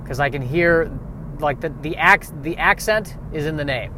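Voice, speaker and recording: A man's voice: a little high, normal speed, pushed and bright. A man from Colorado musing wryly in a casual comic monologue, outdoors on a city street. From Aurora, Colorado. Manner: wry, rambling, sardonic. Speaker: comedian.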